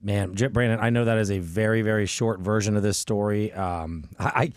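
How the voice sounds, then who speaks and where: A man's voice: lowish voice, steady tone, moderate pace, no echo, clean studio sound. A man hosting an interview, talking in a friendly, emotional, casual way. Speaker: interviewer, show host.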